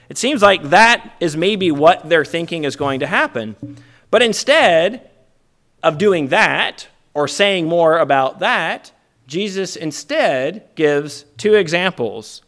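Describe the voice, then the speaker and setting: A man's voice: on the high side, slow. A man preaching a conversational sermon, often asking "right?" and acting out the crowd's lines. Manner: acts out the crowd's lines in a lively put-on voice.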